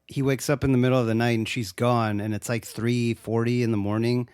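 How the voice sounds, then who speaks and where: A man's voice: medium pitch, brisk, smooth, no echo, studio quality. A man co-hosting a casual podcast, recapping a horror movie with lots of swearing and acted-out lines. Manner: excitable, swears a lot, acts out lines from the film. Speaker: podcast co-host.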